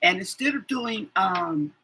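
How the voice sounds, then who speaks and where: Woman tarot reader, live-stream chat, husky and slow, bright tone, rambling with fillers, yawns often. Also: mid-range voice, animated, low-quality recording. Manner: chatty, rambling, many fillers and repeats. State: yawning often.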